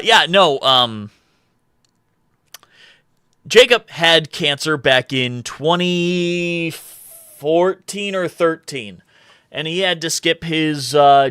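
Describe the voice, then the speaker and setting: A man's voice: fairly high pitch, fairly bright tone, smooth, no echo, clean studio sound. A man in his twenties from the United States, rambling casually on a live stream, correcting himself as he goes and reading chat aloud. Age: 20s.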